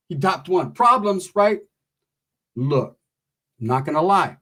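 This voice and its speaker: A man from California telling a profane story and acting out the people in it with animated voices. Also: high-pitched, slow pace, long pauses, a little hiss or hum. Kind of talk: storytelling stand-up.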